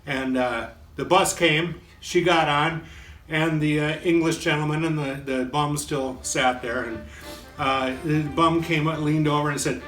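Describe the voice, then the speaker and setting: Folksy male host, rambling and self-deprecating; slightly high voice, roomy echo, soft guitar behind. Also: fairly even intonation, unhurried. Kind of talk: casual joke-telling chat. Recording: echoey room with faint guitar.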